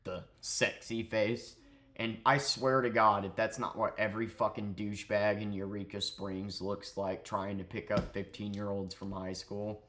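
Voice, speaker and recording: A man's voice: fairly low pitch, flat delivery, moderate pace, few pauses, a bit bright, a little hiss or hum. A young man ranting on his vlog, profane and sarcastic, swearing heatedly at another streamer. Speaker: streamer and vlogger.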